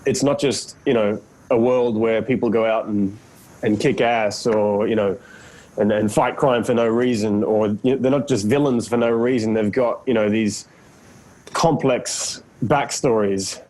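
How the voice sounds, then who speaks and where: A man's voice: fairly low pitch, fairly even intonation, measured pace, darkish tone, low-quality recording. An Australian man in his thirties, a guest in a casual interview on a video call, laid-back and self-deprecating, laughing often. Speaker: actor guest.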